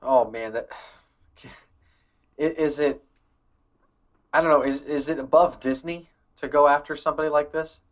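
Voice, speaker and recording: A man's voice: on the high side, steady tone, moderate pace, long pauses. Hesitant man on a dull line. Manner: thoughtful, hesitant, many restarts. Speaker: podcast co-host. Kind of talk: casual movie news chat.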